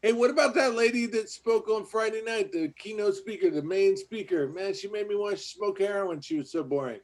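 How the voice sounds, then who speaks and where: A man's voice: high-pitched, fairly quick. A man on a casual podcast, telling blunt, profane stories about meetings and recovery. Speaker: podcast co-host.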